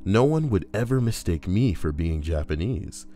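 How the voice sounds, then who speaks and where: Low-voiced man joking over stories. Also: animated, normal speed, warm tone. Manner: crude, joking asides. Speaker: YouTuber reading Reddit posts. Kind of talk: comedic reading with commentary. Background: faint background music.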